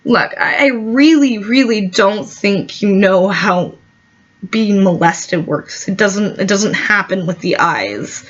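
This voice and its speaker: A woman voicing a calm, firm adult woman who is hosting a party. She speaks patiently and steadily, on a dull lo-fi recording. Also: mid-range voice, takes it slowly. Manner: patient, steady, level-headed.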